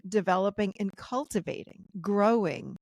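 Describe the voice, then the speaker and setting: A woman guest coach speaking on a video call in casual interview chat, animated and laughing often as she acts out what clients said. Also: medium pitch, moderate pace, no room sound.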